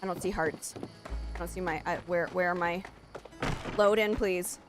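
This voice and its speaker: A woman live-streaming a cozy game, talking excitedly to her chat and game animals over a headset. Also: fairly low pitch, moderate pace, music in the background. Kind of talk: casual live-stream chat while gaming.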